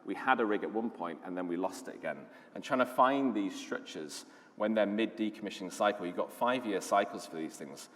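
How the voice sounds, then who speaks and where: Low-voiced british guy giving a conference talk, chatty and keen, reverb from the hall. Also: a little fast, fairly bright tone. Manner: enthusiastic storytelling, conversational with fillers. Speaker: conference speaker, lead designer.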